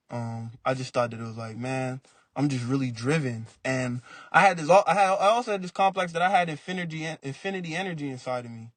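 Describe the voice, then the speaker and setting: A medium-pitched young man speaks with no room sound audible. As a podcast guest and basketball player, he talks casually in slang, telling animated stories and imitating what people said.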